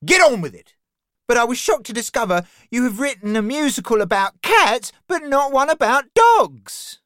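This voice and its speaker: A man's voice: extremely high pitch, very animated, moderate pace, fairly bright tone, no room sound, studio quality, voice pushed up, full character voice. A man reading a storybook and voicing a bold male dog who is cheeky and pushy, with mock politeness. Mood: eager.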